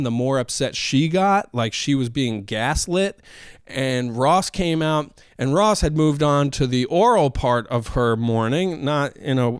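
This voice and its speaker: A man's voice: medium pitch, smooth, dry recording, clean studio sound. A man hosting a solo comedy podcast, telling a rambling, self-mocking story with goofy asides. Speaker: podcast host.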